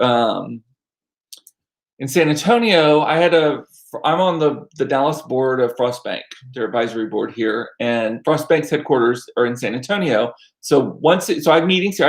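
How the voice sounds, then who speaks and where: A man in his forties telling stories in a chatty, irreverent way, laughing often. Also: medium pitch. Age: 40s. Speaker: vlogger. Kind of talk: casual storytelling.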